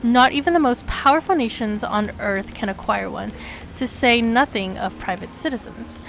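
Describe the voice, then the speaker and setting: Woman, fairly high voice, reading a visual novel aloud, animated delivery, faint hiss behind. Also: normal speed, vocal fry. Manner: animated reading with sudden high excited jumps.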